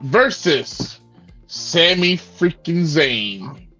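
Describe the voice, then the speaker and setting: A man's voice: fairly high pitch, lively intonation, very slow, pushed and bright, faint music behind. A man co-hosting a casual wrestling podcast in a laid-back, agreeable way. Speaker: podcast co-host. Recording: slightly dull, lo-fi sound.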